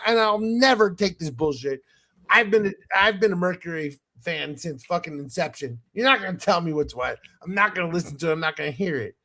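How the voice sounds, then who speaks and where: A man with a notably high speaking voice holds forth as a podcast host, ranting with plenty of swearing. He breaks into laughter at his own stories as he goes. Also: vocal fry. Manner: animated, profane ranting with laughing asides. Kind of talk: casual chat.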